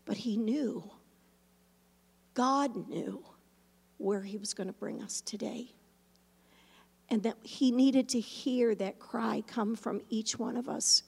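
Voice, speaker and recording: A woman pastor telling a story in a sermon, animated at times and hushed and reflective at others. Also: a little high, vocal fry, slightly rough, in a large hall.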